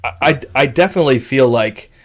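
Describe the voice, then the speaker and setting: A man's voice: medium pitch, a little fast. A young man from Michigan, co-hosting a casual podcast in a thoughtful, questioning way. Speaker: podcast co-host. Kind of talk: casual chat.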